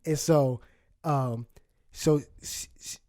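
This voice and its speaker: A man co-hosting a podcast, telling a story in a casual, animated way with many fillers and laughs. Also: medium pitch, takes it slowly. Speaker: podcast co-host. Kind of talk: casual chat. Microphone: studio microphone.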